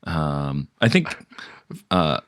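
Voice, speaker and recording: A man's voice: extremely low pitch, very animated, drawn-out words, a bit bright, clean tone, no echo, studio quality. A young man co-hosting a storytelling podcast, laid-back, adding ideas and short agreeing replies. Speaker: podcast co-host. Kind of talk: casual brainstorming chat.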